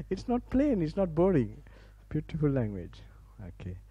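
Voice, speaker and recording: This Sri Lankan monk, a native Sinhala speaker, preaches in English before a live campus audience, mixing his sermon with guided relaxation instructions. His high voice is warm and breathy, slow, with huge pitch swings; the recording is muffled though without echo. He speaks chattily, laughing often and restarting fragmented phrases.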